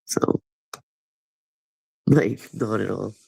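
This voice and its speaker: A man's voice: lowish voice, very slow, creaky, mellow, husky, rough recording. A man chatting casually with his livestream viewers, rambling and profane, with a stuffy nose.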